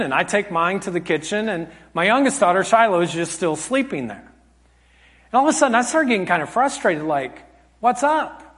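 A man preaching a sermon as pastor, telling a family story with animated swings from loud acted quotes to hushed, soft tones. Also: high voice, big-room sound. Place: church hall.

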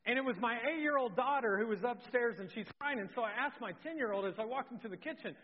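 Animated, high-voiced middle-aged male pastor. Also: fairly quick. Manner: animated, swinging from loud to very soft. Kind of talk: sermon with personal storytelling. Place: church. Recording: dull sound with long hall reverb.

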